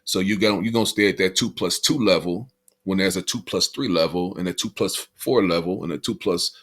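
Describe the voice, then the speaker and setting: A man's voice: deep voice, a little fast, fairly bright tone. A man co-hosting a podcast, talking in a casual, motivational way and repeating "you know" often. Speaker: podcast co-host.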